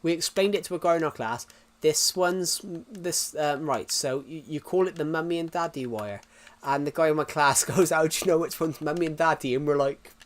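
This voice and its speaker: Young British male streamer, slightly raised pitch, meandering chatty delivery with lots of ums and restarts. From United Kingdom. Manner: rambling, with many restarts and fillers. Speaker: live streamer. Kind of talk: casual chat with live viewers.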